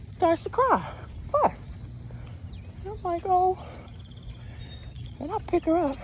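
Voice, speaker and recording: An older woman tells a story while walking outside, her voice gravelly and swinging widely in pitch. She talks slowly and chattily, with wind and outdoor noise clearly behind her. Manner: animated, chatty, Southern-style storytelling. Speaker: vlogger. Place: outdoors on a walk, rural road.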